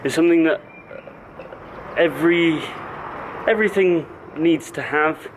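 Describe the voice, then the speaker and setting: A man's voice: a little high, measured pace, noisy background. A man who coaches fitness, talking casually to the camera in a vlog and explaining things in loose, stop-start phrases.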